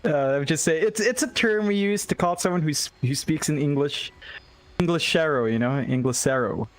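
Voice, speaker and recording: Young Filipino male caster on a headset, relaxed stream banter, quick to laugh at himself, slightly high voice. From Philippines. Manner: chatty and self-mocking, laughing often. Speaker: esports caster. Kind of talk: casual chat between casters on a live stream.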